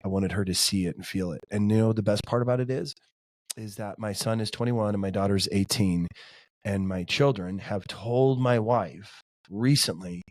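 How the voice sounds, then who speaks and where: A man's voice: on the low side, moderate pace, dry recording, clean studio sound. A man in his forties, a podcast guest, talking in an earnest, heartfelt way with lots of casual fillers. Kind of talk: casual interview chat.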